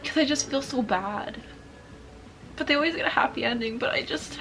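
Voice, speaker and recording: A woman's voice: high-pitched, moderate pace, vocal fry, pauses often, fairly bright tone, soft background music, low-quality recording. A young woman vlogging in a casual, chatty way, gushing and emotional as she talks to her viewers. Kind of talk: casual chat to camera.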